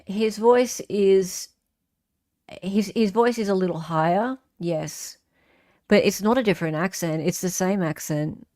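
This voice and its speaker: A woman's voice: mid-range voice, a little slow, a little mellow. A woman hosting a casual livestream, reading viewer comments aloud and answering them in a chatty way with frequent fillers. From Australia. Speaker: livestream host.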